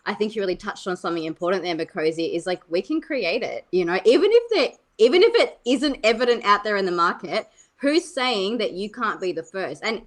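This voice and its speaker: A woman's voice: mid-range voice, expressive, a little fast, hardly any pauses. A woman speaking as a spiritual healer on a business panel, eager and casual with frequent fillers. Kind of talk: panel discussion.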